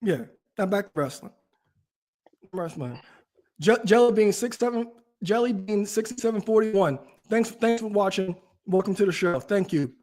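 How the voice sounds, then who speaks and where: A man's voice: sits high, expressive, normal speed, darkish tone. A man hosting a casual talk show, ranting animatedly with frequent restarts. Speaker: podcast host. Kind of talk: casual chat.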